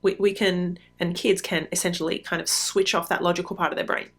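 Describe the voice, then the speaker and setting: A middle-aged woman hosting a parenting podcast, giving advice in a relaxed, conversational way with frequent ums. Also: on the low side, brisk. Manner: conversational, frequent ums, acts out quoted lines. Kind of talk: casual advice talk. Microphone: podcast mic.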